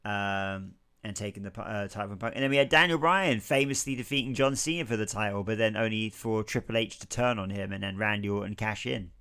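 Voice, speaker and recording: Bright-voiced man in his thirties. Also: fairly low pitch, fairly quick, hardly any pauses, clear, resonant tone. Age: 30s. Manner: rambling, with many fillers and casual swearing. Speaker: podcast co-host. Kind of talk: casual chat.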